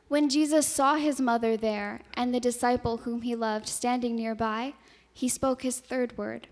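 Woman reading the good friday passages real slow, highish voice, long echo of a church hall. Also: fairly even intonation. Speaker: scripture reader.

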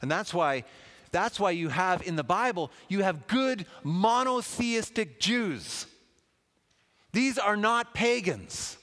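A man preaching a sermon in a lively, conversational way, with asides to the congregation. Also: sits high, slow. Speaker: pastor. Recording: long hall reverb.

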